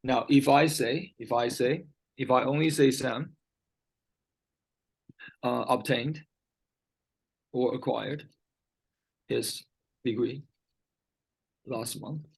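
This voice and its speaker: A man's voice: mid-range voice, steady tone, takes it slowly, vocal fry, pauses often, slightly rough, rough recording. A man tutoring English one-on-one, patiently repeating key words and often checking whether his student understands. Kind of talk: one-on-one vocabulary lesson.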